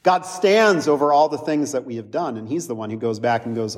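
A man's voice: mid-range voice, brisk, long reverb tail. A man, a pastor, preaching a conversational sermon full of rhetorical questions.

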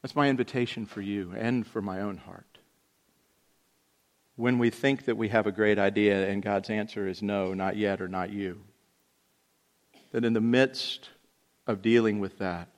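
A male pastor reading scripture and preaching a sermon earnestly, moving between emphatic passages and quiet reflection. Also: fairly low pitch, steady tone, a little slow, long pauses.

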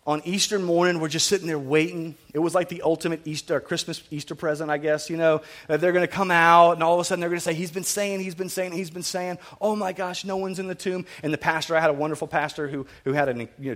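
A man's voice: a little high, fairly bright tone. A man preaching a sermon to his congregation in a conversational way, with asides, jokes and frequent restarts. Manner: conversational, self-correcting and repetitive, with asides and humor. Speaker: pastor.

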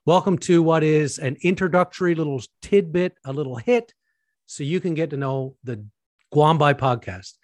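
A man's voice: a little high, normal speed, dry recording. A man hosting a casual podcast chat with his brother, jovial and self-mocking, laughing often. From Newfoundland. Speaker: podcast host; preacher.

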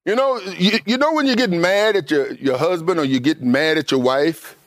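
A man delivers a brisk sermon to his congregation, emphatic and conversational, using everyday vernacular. To stress a point, he often jumps up high in pitch.

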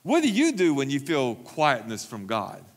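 A man's voice: medium pitch, huge pitch swings, normal speed. A man preaching a sermon as pastor at a church recovery meeting, emphatic and repeating phrases for stress.

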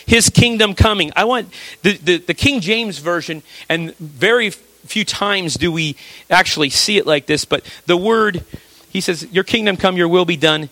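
Here a male pastor preaches conversationally, using rhetorical questions and sinking into a soft, low voice when he wants to stress a point. He speaks at normal speed in a dry recording.

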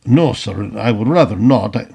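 A man doing a bold young Scottish soldier, earnest and polite. His husky voice moves in a lively way. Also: lowish voice, normal speed, heavily acted.

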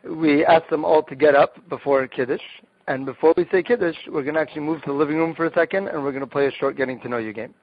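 Quick-paced and breathy, his voice on the high side, a rabbi guesting on the show gives an enthusiastic step-by-step account of group games, restarting sentences often. The recording comes across dull, dry and lo-fi.

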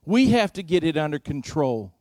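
A man preaching a sermon, telling a story slowly and deliberately, his volume rising and falling for effect. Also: on the high side, big pitch swings, a little mellow, no echo, clean studio sound. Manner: slow, deliberate preaching with dramatic swings in volume.

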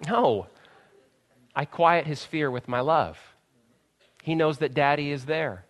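Man in his thirties, pastor's sermon, earnest, slightly high voice, soft lulls and loud bursts. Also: expressive, slow.

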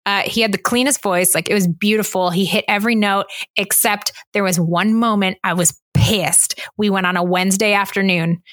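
A woman co-hosting a podcast, telling stories in a casual, animated way with many restarts and laughs. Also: mid-range voice, normal speed, few pauses, no echo. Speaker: podcast co-host. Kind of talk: casual chat.

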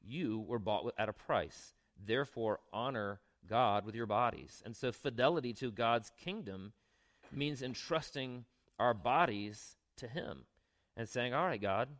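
Younger guy preaching, chatty, asks the church questions, medium pitch. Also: lively intonation, unhurried, a bit bright. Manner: conversational, asks the congregation questions. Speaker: pastor. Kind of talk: sermon.

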